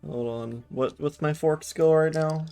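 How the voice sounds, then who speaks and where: A man playing a tabletop game, animated and quick to protest the rules. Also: a little high, vocal fry, smooth. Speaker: player. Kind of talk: casual tabletop play.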